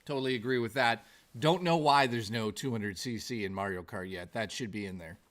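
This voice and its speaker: A man's voice: on the low side, brisk, fairly bright tone. A man hosting a live stream in a jokey, rambling way, greeting chat viewers by name.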